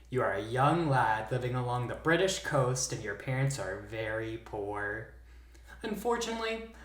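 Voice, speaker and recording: A man co-hosting a podcast speaks in a fairly high, bright voice that sounds roomy. His casual chat slips into theatrical, dramatic storytelling with playful, teasing humor.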